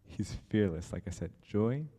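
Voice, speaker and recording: A man's voice: on the low side, moderate pace, slightly rough. A young man telling a story in a church talk, acting out the people he quotes. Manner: lively storyteller who acts out the people in the story. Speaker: church speaker.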